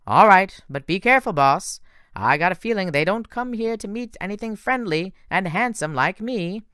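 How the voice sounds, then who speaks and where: A man's voice: sits high, expressive, normal speed, pushed and bright, dry recording, studio quality, voice pushed up. A man voicing a tired, loyal male pegasus who pants but stays breezy and cheerful. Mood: tired, brave. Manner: panting, gruff and breezy.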